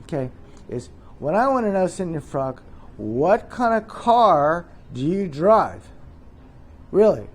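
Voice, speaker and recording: A man's voice: high voice, very animated, slow pace, darkish tone. Teasing middle-aged man hosting a mock interview. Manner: rambling, teasing, chuckling asides. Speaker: host.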